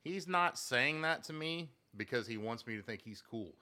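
A man's voice: mid-range voice, animated, moderate pace, bright, forceful tone. A man in his thirties telling crude stories about his kids in a casual chat, cursing freely. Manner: profane storyteller, swears constantly.

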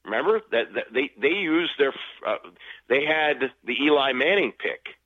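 A man's voice: medium pitch, expressive, moderate pace. Rambling older male sports guest. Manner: rambling, stammering restarts. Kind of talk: casual sports talk. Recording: dull, lo-fi line.

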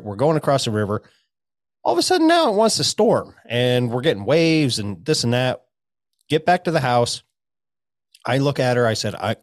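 A man's voice: medium pitch, dry recording, studio quality. Profane rambling man on a podcast. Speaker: podcast co-host. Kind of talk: casual podcast chat.

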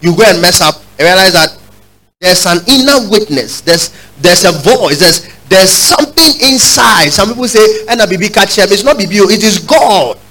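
A man preaching a sermon, urging the congregation to repeat lines after him and building to loud, emphatic peaks. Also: sits high, expressive, normal speed, rough recording. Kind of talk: sermon with call-and-response.

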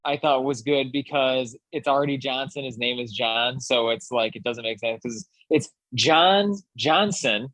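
A man's voice: mid-range voice, measured pace, few pauses, a bit bright, no room sound. A man with a mid-range voice co-hosts a casual sports podcast and riffs with dry, playful humor. The recording is close and dry, with no room sound. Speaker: podcast co-host.

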